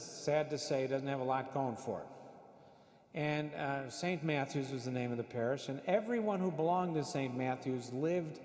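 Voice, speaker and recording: Priest telling a story from the pulpit, fairly high voice, lots of church echo. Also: male voice. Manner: animated, acts out dialogue in voices. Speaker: priest, parish mission preacher. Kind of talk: storytelling sermon. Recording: echoey church hall.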